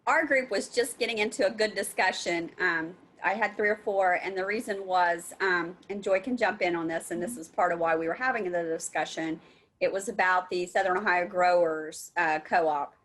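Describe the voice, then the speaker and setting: A woman's voice: on the low side, normal speed, fairly bright tone. A woman on a webinar call, talking casually about her co-op center's work with many fillers and restarts. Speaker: co-op center staff, building a database. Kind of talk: webinar discussion. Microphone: video call.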